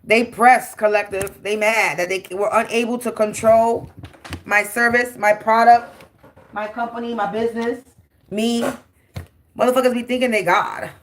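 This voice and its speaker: A woman's voice: on the high side, steady tone, normal speed, a little hiss or hum. A woman, giving a brash, profane, taunting spiritual tarot monologue. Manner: taunting, repetitive, defiant.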